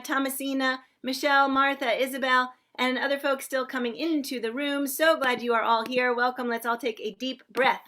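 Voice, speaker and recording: Indoors, in a room with other singers around her, a female sing-along host welcomes her livestream audience, calling out viewers by name. Her tone is high and bright, her manner gushing and talkative.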